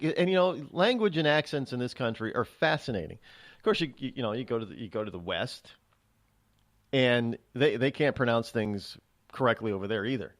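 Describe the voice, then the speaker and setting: A man hosting a show, talking in a rambling, chatty monologue with frequent restarts. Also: medium pitch. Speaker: radio show host. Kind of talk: casual monologue.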